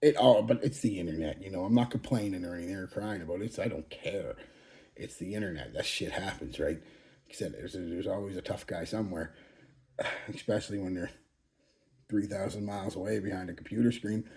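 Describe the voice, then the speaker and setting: The fragrance channel host, a man in his forties, delivers a casual update monologue a little fast, his low voice dark in tone. He's blunt and profane, wandering off track and restarting frequently.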